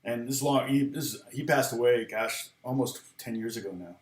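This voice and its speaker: A man's voice: mid-range voice, normal speed, reverberant. A middle-aged man, a guitar teacher, telling rambling, chuckling anecdotes in casual conversation. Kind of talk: casual storytelling.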